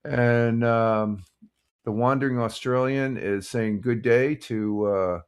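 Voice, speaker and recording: A man's voice: medium pitch, fairly even intonation, slow pace, smooth. An older man hosting a casual morning live stream, rambling through sports results and greeting viewers in the chat with many fillers. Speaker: livestream host.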